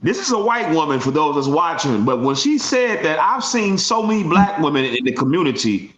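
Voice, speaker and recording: A man's voice: a little high, very animated, fairly quick, fairly bright tone. Man, chatty panel guest, hesitant, roomy echo. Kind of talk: casual panel discussion.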